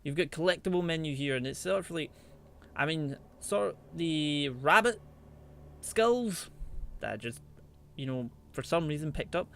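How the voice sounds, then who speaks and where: A man's voice: fairly high pitch, expressive, normal speed, gravelly, a bit bright. A man giving chatty, playful let's play commentary, teasing the animals in the game as he plays. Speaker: gaming channel host.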